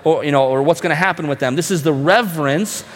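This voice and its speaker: Pastor, male, earnest sermon delivery with rhetorical questions, slightly high voice, reverberant hall. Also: fast talker.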